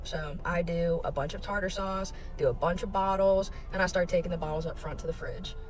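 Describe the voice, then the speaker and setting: A woman's voice: on the low side, fairly quick, soft background music. A woman telling a casual storytime rant about her job, heated and profane as she recounts it. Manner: heated, profane, animated retelling. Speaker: restaurant kitchen worker telling a story.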